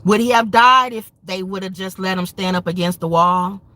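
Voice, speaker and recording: A woman's voice: medium pitch, moderate pace, sharp tone. A woman hosting a commentary show, speaking in an impassioned, angry, emphatic rant. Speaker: show host.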